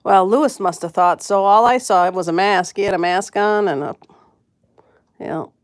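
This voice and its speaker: A chatty woman hosts a relaxed live stream from her home, telling a story in a rambling way and laughing often. Her voice sits in an ordinary middle range, and the sound is dry and close with no room echo. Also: mid-range voice, moderate pace. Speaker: host of a pet channel live stream. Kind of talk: casual live-stream chat, telling a story and greeting viewers.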